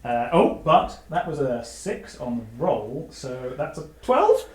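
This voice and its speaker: A man at mid pitch plays a casual tabletop game, describing his moves in an easygoing, matter-of-fact way. His voice swings up and down a lot, and it carries the echo of a roomy space. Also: sing-song, slow pace. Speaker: player.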